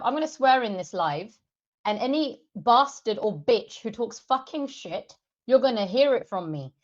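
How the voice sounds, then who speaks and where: A woman, a parent of two, ranting angrily at her viewers on a livestream, heavily profane and addressing them directly. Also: a little high. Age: adult parent of two. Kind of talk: angry livestream rant. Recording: slightly dull lo-fi stream audio.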